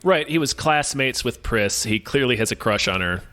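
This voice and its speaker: Male podcast co-host, bright tense tone, laughs easily, casual recap. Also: mid-range voice, expressive, moderate pace. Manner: laughs often, jokey recaps. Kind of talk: casual film discussion.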